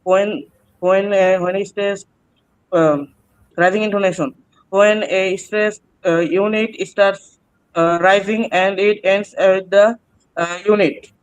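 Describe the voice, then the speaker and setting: A man answering oral exam questions, halting and hesitant with many pauses and restarts. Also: high-pitched, steady tone, clear, resonant tone, dry recording, poor audio. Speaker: student taking an oral exam.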